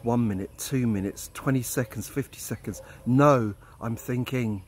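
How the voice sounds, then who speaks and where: Speaking in a medium-pitched voice over a little hiss or hum, a middle-aged man who vlogs as an expat recounts a personal story. He is frank and direct, cursing freely throughout the monologue.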